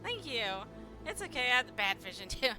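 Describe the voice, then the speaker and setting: Chatty higher-pitched woman streaming. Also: sing-song, a little fast. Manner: chatty, thanks viewers, stumbles reading aloud. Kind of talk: live game streaming chat. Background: game music.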